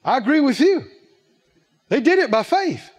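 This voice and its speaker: A man preaching a sermon in an animated, humorous way, laughing often and calling out to the congregation. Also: extremely high pitch, moderate pace.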